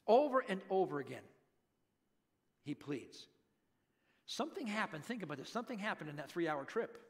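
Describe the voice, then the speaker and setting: A middle-aged male pastor preaching a sermon, dramatically acting out pleading voices and hushed prayers. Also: sits high, animated, a little fast.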